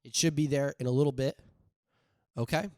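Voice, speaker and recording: A young man hosting a casual solo podcast, rambling and joking with sudden loud outbursts. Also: mid-range voice, fairly even intonation, brisk, no room sound, clean studio sound. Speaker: podcast host.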